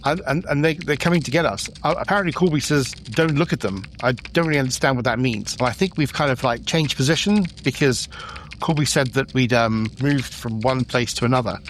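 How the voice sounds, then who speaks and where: A man's voice: medium pitch, slight background noise, lightly acted. A man playing an anxious female starship lieutenant. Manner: rushed, stammering reports.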